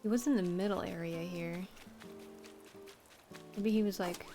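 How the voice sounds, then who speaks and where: A woman's voice: medium pitch, moderate pace, long pauses, warm tone. A woman streamer chatting casually while she plays a game, wry and self-mocking with rambling asides. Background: faint game music.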